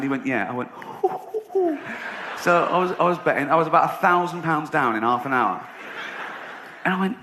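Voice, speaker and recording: A middle-aged man doing a stand-up routine, telling shock jokes in a deadpan storytelling way. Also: on the high side, moderate pace. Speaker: stand-up comedian. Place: theatre stage before a laughing crowd. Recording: roomy live venue with audience noise.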